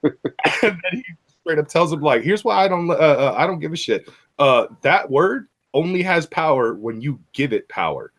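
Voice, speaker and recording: A man on a casual live-stream group chat, telling stories excitedly, swearing a lot and laughing. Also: a little high, moderate pace, dry recording.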